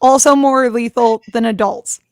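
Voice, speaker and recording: A woman's voice: a little high, steady tone, normal speed, no room sound, studio quality. A woman guest on a group video call, blunt, joking and emphatic in casual chat.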